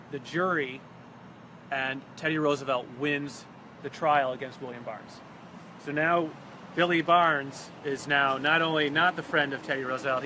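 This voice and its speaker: A man guiding a local history tour outdoors, telling a story in a casual, animated way and acting out quotes. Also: medium pitch. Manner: animated, chatty, acts out quotes. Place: outdoors on a city street. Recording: outdoor street noise with passing cars. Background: traffic and city ambience.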